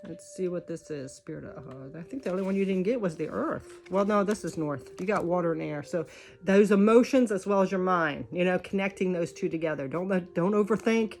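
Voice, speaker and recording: A woman's voice: fairly low pitch, brisk, darkish tone. A woman reading oracle cards, chatty and encouraging, thinking aloud as she goes. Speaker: tarot card reader. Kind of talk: spiritual card reading. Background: faint music.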